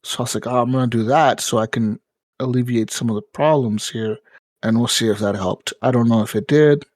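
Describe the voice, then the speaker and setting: A man's voice: mid-range voice, fairly quick, no room sound. A man co-hosting a gaming podcast, swearing freely and telling stories with lots of energy. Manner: profane, animated storytelling. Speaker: podcast co-host. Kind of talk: casual gaming podcast chat.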